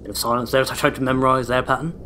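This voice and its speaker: A man's voice: medium pitch, flat delivery, rapid-fire, background noise. A young man rambling through casual gameplay commentary as a let's play host, with dry, self-deprecating jokes aimed at his viewers.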